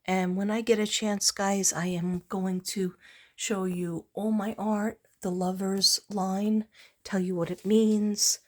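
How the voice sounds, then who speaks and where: Her voice mid-range and her delivery flat, a woman artist chats late at night on a casual vlog while showing her work. She sounds tired, meandering and filling the gaps with pauses and fillers.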